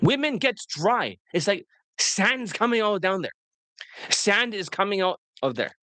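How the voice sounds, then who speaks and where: A man's voice: high-pitched, sing-song, a little slow, bright, forceful tone, dry recording. A man coaching on dating straight to the camera, blunt and profane, addressing his viewers directly.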